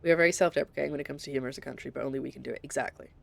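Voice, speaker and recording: A woman's voice: a bass voice, fairly even intonation, very fast, vocal fry. A young woman from Scotland with a light Scottish accent, chatting casually and rambling as she streams a game and reads chat. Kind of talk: casual gameplay commentary.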